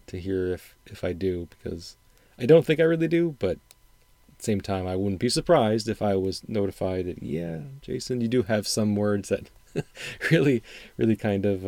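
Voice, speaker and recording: A middle-aged man with a faint upper Midwestern American accent hosts a casual solo show. His voice sits low and warm, recorded dry and close with no room around it. He talks in a loose, thoughtful way, full of restarts and fillers. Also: dry recording. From Wisconsin, upper Midwest US. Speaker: podcast host reviewing songs.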